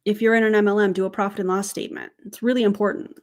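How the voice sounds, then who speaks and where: A woman's voice: medium pitch, flat delivery, rapid-fire, darkish tone. A woman hosting a reaction commentary video, chatting to viewers and working through calculations step by step. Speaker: YouTube commentator.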